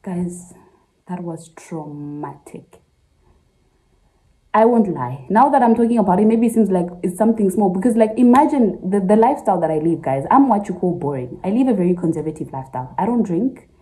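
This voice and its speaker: A Zambian medical student in her twenties vlogs casually, speaking straight to her viewers as she shares an emotional personal story and laughs through tears. Her mid-range voice is expressive, brisk and dark in tone, in a confessional style. The audio quality is poor.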